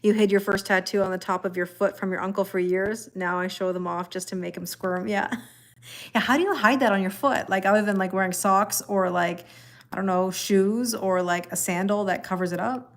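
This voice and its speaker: A woman's voice: mid-range voice, steady tone, moderate pace. A woman reading tarot live and chatting with viewers in a rambling way, laughing often. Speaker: tarot reader. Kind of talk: live-stream chat reading viewer comments.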